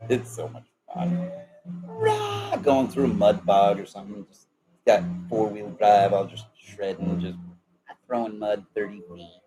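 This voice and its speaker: A man's voice: lowish voice, measured pace, music in the background, poor audio. A man rambling casually in a vlog, joking and laughing often as he talks. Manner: laughs a lot, drawling, joking. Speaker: vlogger.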